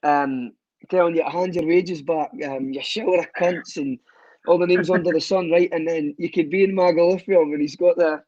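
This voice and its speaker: A Scottish man, a footballer guest, telling lively, profane stories in a casual podcast chat. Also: on the high side, a little fast, dry recording, highs cut off. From Scotland. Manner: lively storyteller, swears, laughs often.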